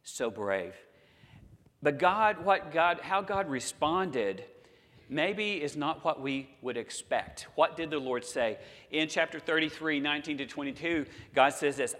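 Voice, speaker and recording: A pastor in his sixties preaching a sermon, quoting scripture with dramatic pauses. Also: a little high, expressive, fairly bright tone, long reverb tail. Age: 60s.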